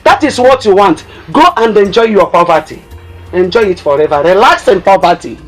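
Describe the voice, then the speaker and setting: A woman's voice: mid-range voice, lively intonation, soft background music, lightly acted. A woman playing a scornful Nigerian mother. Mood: mocking. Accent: Nigerian Igbo. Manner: mocking, scolding, drawn-out emphasis. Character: scornful greedy mother berating her daughter. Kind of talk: film acting.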